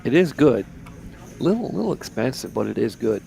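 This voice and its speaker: A man's voice: medium pitch, sing-song, moderate pace, gravelly, warm tone, a little hiss or hum. A man giving easygoing, chatty live commentary on a poker table from a booth. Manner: chatty, easygoing, repeats words. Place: commentary booth at a card room.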